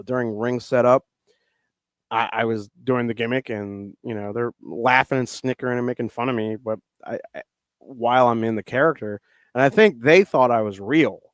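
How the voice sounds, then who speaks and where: A man's voice: medium pitch, clean tone, no room sound. A middle-aged man, a wrestler, chatting as a podcast guest and telling stories in a loose, rambling way full of fillers and restarts. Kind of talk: casual podcast conversation.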